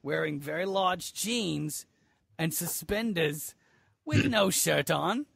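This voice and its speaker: A man from Georgia in the US joining an improvised comedy chat, telling stories in an excitable, giggly way with sudden squeals. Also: fairly high pitch, slow, creaky, slightly rough, dry recording, studio quality.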